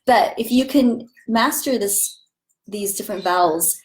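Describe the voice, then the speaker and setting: A woman's voice: medium pitch, a little slow, rough recording. A woman acting teacher talking casually and with enthusiasm about voice training, demonstrating vowel sounds as she goes.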